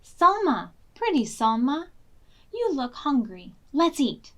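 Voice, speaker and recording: A woman reading aloud voices a doting old grandmother in a high, sing-song, gushing way. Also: big pitch swings, slow pace, fairly bright tone, exaggerated voice.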